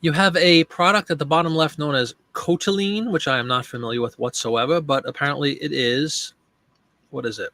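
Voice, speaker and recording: A man's voice: on the high side, fairly quick, sharp tone, dry recording. A man hosting a casual live stream, thinking aloud as he works and chatting with viewers by name. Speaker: live-stream host and online seller.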